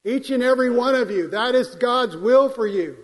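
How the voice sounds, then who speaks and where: A man preaching a sermon in a church, quoting scripture in a measured, emphatic way. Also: very high voice, lively intonation. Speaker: pastor. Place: church sanctuary. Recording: long hall reverb.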